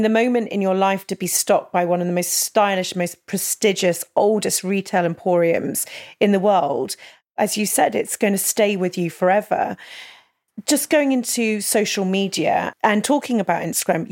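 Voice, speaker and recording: A woman's voice: medium pitch, moderate pace, a little mellow. Encouraging woman podcast host. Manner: encouraging, affirming interviewer. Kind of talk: interview.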